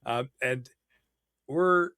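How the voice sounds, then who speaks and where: A man telling casual stories as a podcast guest, animated and rambling, with many fillers. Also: medium pitch, very slow, no room sound, studio quality. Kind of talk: casual storytelling.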